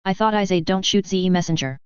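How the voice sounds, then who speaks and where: A woman's voice: lowish voice, fast talker, smooth, dry recording, lo-fi sound, natural voice. A woman voicing a smug male catboy messenger with a put-on German accent and a sing-song lilt.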